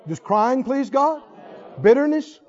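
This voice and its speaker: A man's voice: very high-pitched, slow, a little mellow. A male preacher delivering a sermon, firing rhetorical questions and repeating words for emphasis, on a dull lo-fi recording.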